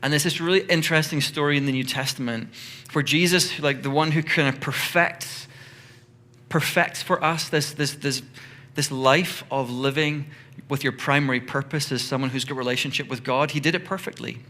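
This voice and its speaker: A man preaching a sermon as pastor, telling the story in an animated, conversational way. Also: fairly high pitch, normal speed.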